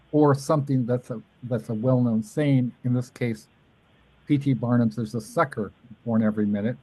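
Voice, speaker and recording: A man's voice: mid-range voice, a little mellow, no room sound, poor audio. A man hosting a casual chat, telling a long rambling story and animatedly mimicking the voices of people he quotes. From Southern California. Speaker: podcast host.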